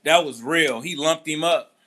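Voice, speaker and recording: A man's voice: on the high side, a little slow, pushed and bright. A man hosting a boxing channel, telling a story in casual commentary with a laid-back manner, acting out quotes now and then.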